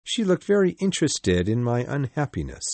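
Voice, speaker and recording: A man narrating a storybook in the first person, in an expressive, measured reading. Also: medium pitch, no echo. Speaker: audiobook narrator.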